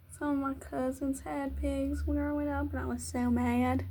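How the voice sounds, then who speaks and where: A young woman with a fairly high voice rambles through a casual get-ready-with-me while she does her makeup at home. She is chatty and pokes fun at herself as she goes, with a faint hiss behind her. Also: level tone, measured pace, few pauses. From Virginia, US. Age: young adult. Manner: rambling, self-mocking, chatty. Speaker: vlogger.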